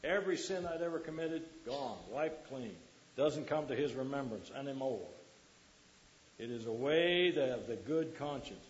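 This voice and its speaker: A man's voice: medium pitch, lively intonation, normal speed, lo-fi sound. A man preaching a sermon to a congregation, quoting scripture and putting questions to the listeners.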